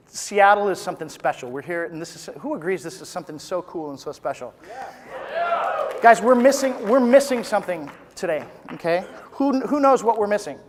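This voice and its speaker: A man giving an energetic, joking motivational talk at a live business seminar, rallying the audience into chants. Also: sits high. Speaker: motivational speaker at a business event. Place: large conference room with live audience. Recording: reverberant hall with crowd. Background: audience responses and applause.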